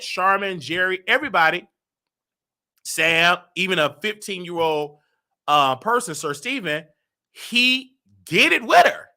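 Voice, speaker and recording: A man hosting a talk show, telling a personal story in an animated way and acting out the dialogue. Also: sits high, measured pace. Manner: dramatic, acts out quoted dialogue. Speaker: show host.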